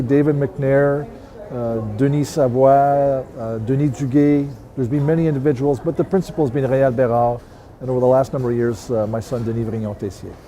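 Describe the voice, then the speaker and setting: A middle-aged man talking in a documentary interview, hesitant and pausing often on "uh". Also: medium pitch, warm tone. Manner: hesitant, many "uh" fillers. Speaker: snow sculptor.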